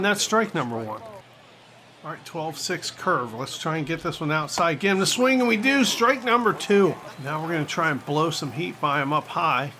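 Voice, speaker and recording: A man hosting a gaming channel, giving jokey, excitable play-by-play of his own baseball game. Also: a little high, a little hiss or hum. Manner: excitable, jokey, talks to viewers.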